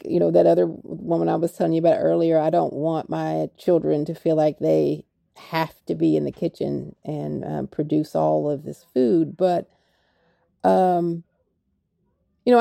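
A woman's voice: deep voice, gravelly, no room sound, studio quality. An older woman, an author talking reflectively in a radio interview. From Kentucky. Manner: reflective, soft-spoken, with fillers. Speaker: author guest.

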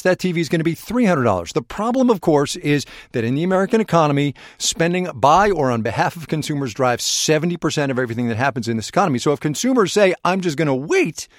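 Male radio host, dry studio voice, bantering and quick to explain. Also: on the high side, dry recording. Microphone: studio microphone.

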